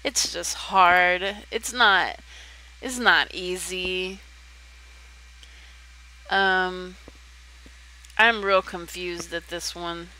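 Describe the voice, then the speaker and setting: A woman's voice: on the low side, steady tone, extremely slow, long pauses, sharp tone, low-quality recording. A young woman chatting casually on a livestream while she works on a design, rambling and self-deprecating.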